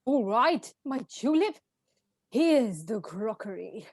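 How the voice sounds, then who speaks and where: A woman reading the part of a jovial man courting a maid, speaking in a slow, mock-gallant way. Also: a little high, sing-song, darkish tone, husky, no echo, clean studio sound, exaggerated voice. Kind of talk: script read-through.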